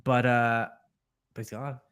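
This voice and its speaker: A man's voice: medium pitch, a little slow, clear, resonant tone. Male co-host, casual live-call chatter, rambling and eager, home mic. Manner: rambling, excited, lots of fillers and coughs. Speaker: podcast co-host. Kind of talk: casual reaction discussion.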